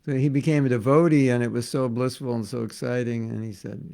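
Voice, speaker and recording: A man's voice: medium pitch, steady tone, a little fast, vocal fry, few pauses, darkish tone. A man teaching a casual devotional class, joking and conversational, repeating words for emphasis. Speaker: spiritual teacher.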